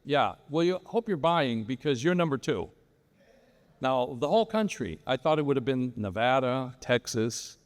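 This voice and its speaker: A man with a clean, mid-range voice spins a long tale on a live real estate panel, restarting again and again. The event takes place in a large hall, so the sound is reverberant.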